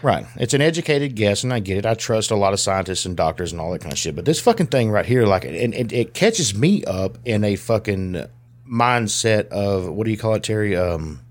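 Low-voiced man, rambling and swearing. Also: a little fast. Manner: swears constantly, rambling and animated. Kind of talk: casual profane chat.

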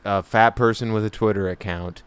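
A man co-hosting a podcast in casual chat, sarcastic and quick with jokes, swearing freely. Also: on the low side, fairly even intonation, clean tone, no room sound. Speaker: podcast co-host.

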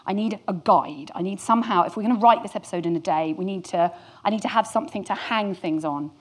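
A woman's voice: mid-range voice, fast, husky. A woman candidly telling a work anecdote to an audience, with some swearing and self-deprecating humour. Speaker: storyteller guest.

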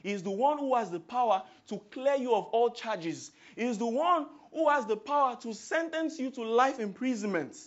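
A man with a Nigerian accent preaching a sermon, swinging from hushed, quiet passages to loud, emphatic outbursts. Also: extremely high pitch, expressive, moderate pace, few pauses, dull audio.

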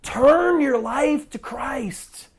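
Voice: sits high, extremely slow. Urgent, pleading evangelistic preacher. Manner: restarts phrases often. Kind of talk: evangelistic sermon.

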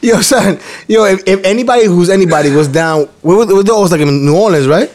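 A man's voice: high voice, fast, a little mellow. A young man telling profane childhood stories in a casual podcast chat. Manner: profane, storytelling, laid-back. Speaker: podcast co-host.

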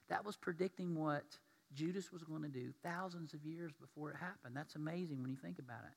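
Bright-voiced preacher in a reverberant hall. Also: male voice, a little high, brisk, creaky. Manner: conversational, asks the congregation questions. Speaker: pastor. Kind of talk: sermon. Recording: long reverb of a large hall.

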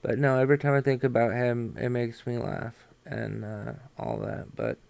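A man hosting a casual solo commentary podcast, halting with many fillers and restarts and swearing freely. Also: mid-range voice, creaky, darkish tone, smooth, no echo. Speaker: podcast host.

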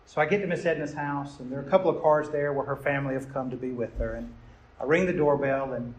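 A man's voice: mid-range voice, steady tone, fast. A middle-aged American man, a pastor, telling a story in an earnest, intimate, emotional sermon. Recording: roomy church reverb, faint hiss.

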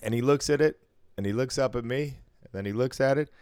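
A man's voice: mid-range voice, a little fast, a little mellow, clear, resonant tone, dry recording, clean studio sound. A man chatting casually on a podcast, telling stories with frequent laughs and swearing. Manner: laughing storyteller, swears freely. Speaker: podcast co-host. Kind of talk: casual chat.

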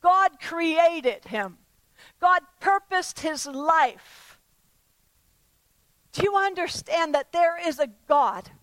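A woman's voice: very high-pitched, expressive, takes it slowly, pauses often, a bit bright, no room sound, poor audio. A woman preaching a sermon to a congregation, asking earnest repeated questions and often restarting her words. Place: church service before a congregation.

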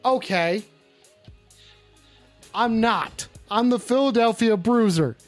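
A man's voice: high voice, slow pace, faint music behind. A man hosting a comedic call-in show in character, brash and profane and often repeating himself. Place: indoors at home.

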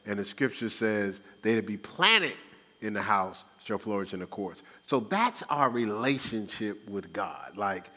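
A man's voice: on the low side, a little slow. Man teaching faith with long reverb. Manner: animated, acts out everyday speech. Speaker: Christian teacher. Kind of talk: conversational preaching.

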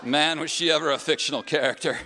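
A man's voice: on the high side, steady tone, fast talker, creaky, noisy background. A man playing a goofy, cocky stoner spy in a comedy audio play, talking in brash, laid-back dude slang.

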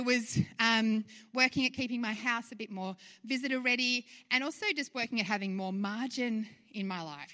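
A woman's voice: medium pitch, pushed and bright, long reverb tail. A woman pastor giving a conversational sermon full of rhetorical questions.

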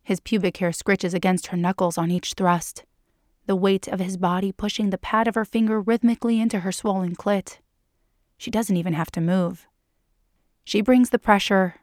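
A woman narrating a story for a podcast in a calm, unhurried reading voice. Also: mid-range voice, dry recording, clean studio sound.

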